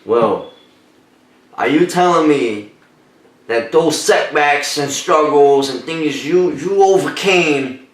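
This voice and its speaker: Co-host, hypes his partner, animated pitch, echoey, off-mic. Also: slow, far from the mic. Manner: eggs the speaker on, asks for repeats. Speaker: podcast co-host. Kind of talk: casual chat.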